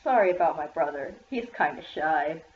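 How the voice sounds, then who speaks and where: A man's voice: a little high, lively intonation, moderate pace, close to an everyday voice. A woman reading as a friendly teenage boy. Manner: easygoing, later shouting indignantly. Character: friendly outgoing teenage schoolboy. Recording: echoey room, dull lo-fi sound.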